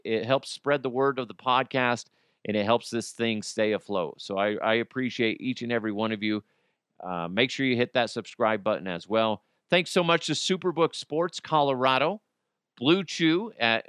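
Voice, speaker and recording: A man's voice: medium pitch, a bit bright, smooth, dry recording, studio quality. A man hosting his own podcast, rambling and joking with plenty of swearing. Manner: rambling, profane, jokey. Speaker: podcast host. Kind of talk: casual solo podcast monologue.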